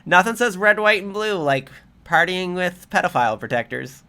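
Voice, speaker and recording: A man's voice: high voice, animated, moderate pace, sharp tone, faint music behind, some chatter behind. A man giving angry, profane reaction commentary in a heated ranting manner. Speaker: commentary vlogger.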